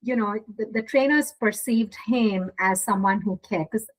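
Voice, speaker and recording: A woman guest in a casual interview, telling a story in a lively way. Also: medium pitch, normal speed, low-quality recording. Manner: animated storyteller, acts out quotes. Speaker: guest, gifting studio owner.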